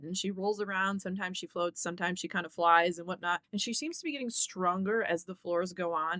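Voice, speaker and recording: A woman's voice: fairly low pitch, bright, forceful tone, dry recording, clean studio sound. A woman talking through a fantasy book in a casual, rambling way, with lots of fillers. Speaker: book reviewer.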